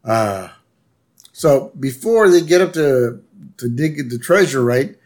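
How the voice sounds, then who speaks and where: A man's voice: medium pitch, expressive, slow pace, darkish tone. A man co-hosting a podcast, casually recapping a cartoon episode in a laid-back, agreeable way. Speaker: podcast co-host.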